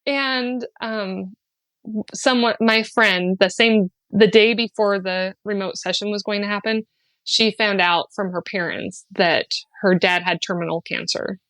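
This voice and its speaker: A woman guest on a podcast telling a personal story in an earnest, heartfelt way, sliding into lively acted-out quotes and laughs, with many fillers. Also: medium pitch, a little slow, no echo. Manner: animated when acting out quotes, often laughing. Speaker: podcast guest, spiritual guide.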